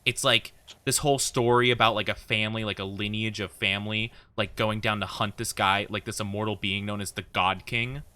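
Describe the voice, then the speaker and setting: Bright-voiced, rambling young male streamer. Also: on the low side, steady tone, a little fast, clean tone. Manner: rambling, giggly, many fillers. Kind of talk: casual chat while gaming.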